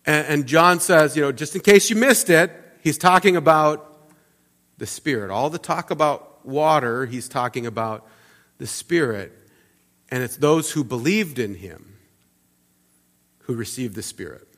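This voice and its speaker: A man preaching in a church sanctuary, his slightly raised voice carrying a long reverb through the hall. He talks loosely, with fillers and restarts, and swings between quiet asides and loud, emphatic peaks. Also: a little high, unhurried. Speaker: pastor. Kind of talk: sermon.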